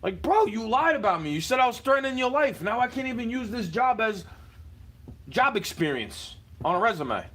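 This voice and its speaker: A man ranting at the camera from his home, profane and confrontational, shouting at times. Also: very high voice, very animated, moderate pace, husky. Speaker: livestreamer. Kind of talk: angry rant to camera. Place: indoors, home.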